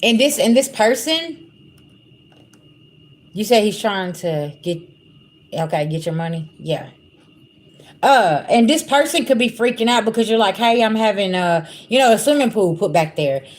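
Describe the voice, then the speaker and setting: A woman runs a loose, unscripted spiritual reading on a livestream. She talks bluntly, swears freely and addresses her viewers directly, and her voice sits at a middling pitch. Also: animated, moderate pace, pauses often. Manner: blunt, profane, talks straight to viewers as "y'all". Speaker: spiritual reader.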